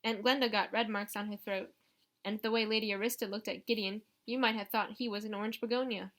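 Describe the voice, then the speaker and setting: A woman narrating a novel in the first person with steady, even reading. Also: mid-range voice, brisk. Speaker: audiobook reader.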